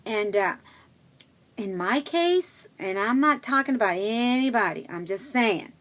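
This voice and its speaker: A woman's voice: medium pitch, expressive, unhurried, a bit bright. A middle-aged woman talking to her viewers in a casual personal vlog, chatty and rambling, with many fillers and restarts. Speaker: vlogger.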